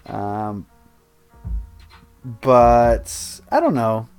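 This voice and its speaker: A man's voice: medium pitch, very animated, drawn-out words, darkish tone, smooth. Casual male livestreamer; rambling, self-interrupting chat over faint background music. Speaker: streamer.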